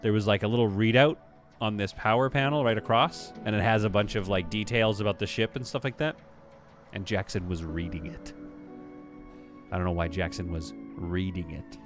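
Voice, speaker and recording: A man's voice: on the low side, steady tone, moderate pace, music in the background. A man hosting a casual live stream, chatting as he plays and reading viewers' messages aloud. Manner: chatty, muses aloud, reads chat. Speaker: streamer host.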